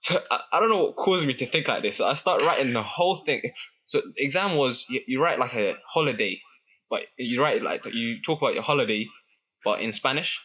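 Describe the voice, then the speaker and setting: A young man telling a school story in casual chat, animated, with lots of restarts and laughter. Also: medium pitch, a little fast, slightly rough, lo-fi sound. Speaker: guest.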